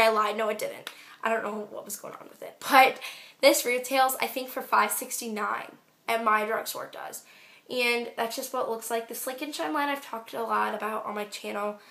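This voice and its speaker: A woman's voice: fairly high pitch, gravelly, bright, forceful tone. Chatty teen girl beauty vlogger. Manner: chatty, rambling, lots of um and like. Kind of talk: casual product review vlog.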